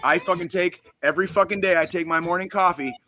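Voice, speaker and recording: Man, podcast co-host, bright forceful tone, fast swearing rants, music faint behind. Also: sits high, steady tone. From United States. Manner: profane, heated ranting. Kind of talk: casual podcast chat.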